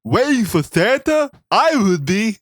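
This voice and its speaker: A man's voice: high voice, sing-song, measured pace, a bit bright, no echo, studio quality, voice pushed up, full character voice. A man voicing a creepy middle-aged male online predator, reading chat lines in a put-on nerdy, sleazy voice. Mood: sleazy eager.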